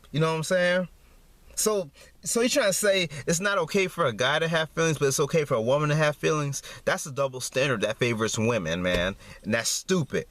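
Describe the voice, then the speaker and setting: A man's voice: mid-range voice, expressive, normal speed, fairly bright tone, no echo. A man ranting to camera in a repetitive, heated monologue, tacking "man" onto his sentences. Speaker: vlogger.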